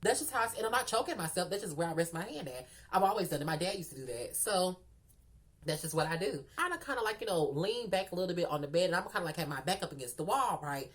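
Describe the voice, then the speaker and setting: A woman telling a story to her viewers in a sassy, animated, chatty way, often calling them girl and y'all. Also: lowish voice, fast. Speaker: storytime vlogger. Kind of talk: casual storytelling to the camera.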